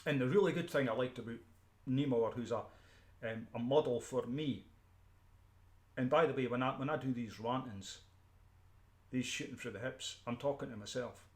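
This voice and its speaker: A Scottish man giving an unscripted, emphatic ranting monologue as a street preacher, often repeating himself, restarting and clearing his throat. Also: mid-range voice, moderate pace, long pauses, echoey room.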